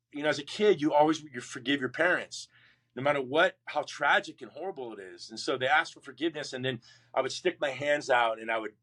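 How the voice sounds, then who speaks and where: A middle-aged man, a Marine veteran guest, telling his life story in an interview, acting out the voices of people in it. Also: mid-range voice. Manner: animated, acts out quoted voices, frequent restarts.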